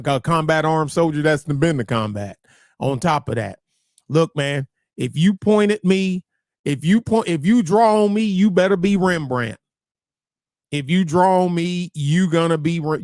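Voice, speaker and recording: Blunt, rambling livestream host, dry sound. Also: male voice, fairly high pitch, no echo. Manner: blunt, profane, repeats and restarts phrases.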